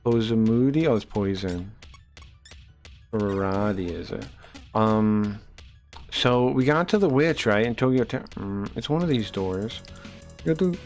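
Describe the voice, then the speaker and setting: A man's voice: fairly low pitch, animated, measured pace, pauses often, darkish tone, soft background music. A man streaming a game, chatting casually in a loose, rambling, profane way. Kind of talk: casual live-stream chat while playing.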